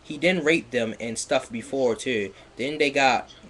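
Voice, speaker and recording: A man on a livestream reading fan fiction aloud in a mocking dramatic way, sarcastic, with loud outbursts and laughter, sounding a bit stuffy. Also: medium pitch, measured pace, a little hiss or hum. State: slightly stuffy.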